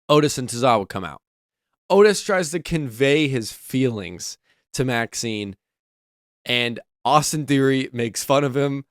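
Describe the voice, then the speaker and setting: A man's voice: medium pitch, dry recording, studio quality. A man giving a casual, opinionated wrestling review, rambling with lots of fillers. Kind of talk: casual commentary.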